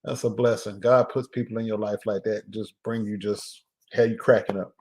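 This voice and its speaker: A man's voice: lowish voice, flat delivery, darkish tone. Guy on a live stream, easygoing, jokey, keeps cracking himself up. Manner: loose and joking, breaks into laughter, drawn-out pauses. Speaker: filmmaker and live-stream host. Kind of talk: casual live-stream chat.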